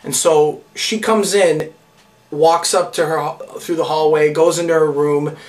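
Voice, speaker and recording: A man's voice: on the high side, steady tone, measured pace, recorded from a distance. A young man vlogger casually telling a comic story about himself in an exasperated, self-mocking way. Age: young adult.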